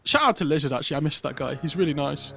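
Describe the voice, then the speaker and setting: A man's voice: fairly high pitch, expressive, very fast, creaky, sharp tone, slight background noise. A man casting an esports match live, chatting casually and rambling with lots of fillers. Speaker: esports caster. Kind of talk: casual live commentary chat.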